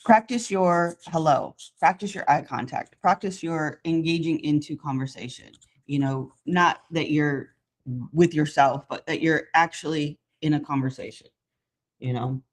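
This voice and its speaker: Low-pitched woman giving practical tips, laughs a lot, casual podcast chat. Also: unhurried. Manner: laughing, mock-irritated, practical. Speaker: matchmaker and co-host.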